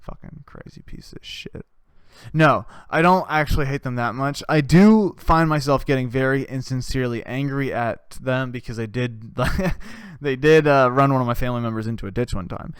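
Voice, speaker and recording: A man's voice: medium pitch, normal speed, hardly any pauses, clean tone, no echo, clean studio sound. A man hosting a comedy podcast, delivering a rambling, profane, worked-up rant. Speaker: podcast host.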